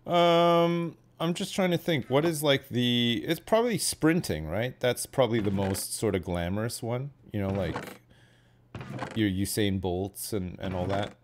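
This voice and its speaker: A man's voice: medium pitch, lively intonation, measured pace, slight background noise. A man in his thirties, hosting a game stream in casual chat, rambling with lots of hedges and tag questions. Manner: rambling, hedging, many fillers and tag questions. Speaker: streamer host. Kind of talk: casual chat while gaming.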